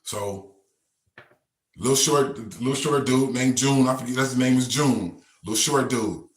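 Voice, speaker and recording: A man casually telling a story in relaxed slang, rambling and repeating himself. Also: mid-range voice, unhurried, roomy sound. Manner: laid-back, slangy, rambling.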